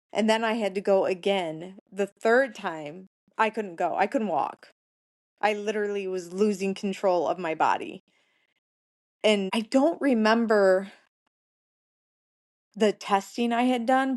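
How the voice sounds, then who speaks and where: A woman's voice: mid-range voice, darkish tone. A woman guest on a podcast, earnestly recounting a personal ordeal in plain words, repeating phrases for emphasis. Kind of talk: recounting a personal story in conversation.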